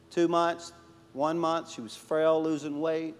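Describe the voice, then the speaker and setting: A man who pastors a church, preaching a sermon and telling stories, swinging between emphatic and hushed delivery. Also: on the high side, normal speed, long reverb tail. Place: church sanctuary.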